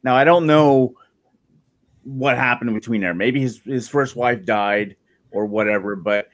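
A man on a video call in a casual discussion, reading aloud haltingly with many fillers and restarts. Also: mid-range voice.

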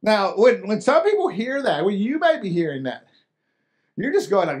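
A pastor preaching a sermon, emphatic and repetitive, stumbling over restarts, dropping low and soft, then rising loud. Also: male voice, sing-song, brisk. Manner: swings between loud and soft, acting out quotes.

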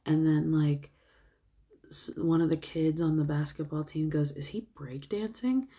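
Young woman vlogger, low warm voice, loose rambling retelling. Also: monotone, a little slow. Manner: rambling, with fillers and soft asides. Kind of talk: casual storytelling, retelling a film.

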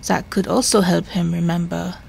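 A woman voicing a formal, earnest male Victorian doctor in a video game, measured and grave. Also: on the low side, little pitch movement, creaky, darkish tone, a little hiss or hum.

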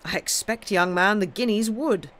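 A woman voicing a stern, sharp-tongued old sea captain. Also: mid-range voice, moderate pace, pitched above the performer's own voice, natural voice. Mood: angry, accusing. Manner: sharp, accusing, loud.

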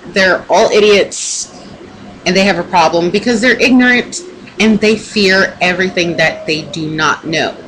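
A woman's voice: lowish voice, a little slow, fairly bright tone. Young woman ranting with heavy swearing. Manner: profane, rambling, emphatic. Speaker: vlogger. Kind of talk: casual pep-talk rant to camera. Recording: noisy home recording.

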